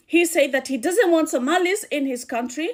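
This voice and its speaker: A woman's voice: high-pitched, moderate pace. A woman with a Kikuyu accent delivering earnest political commentary as a channel host. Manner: earnest, warning.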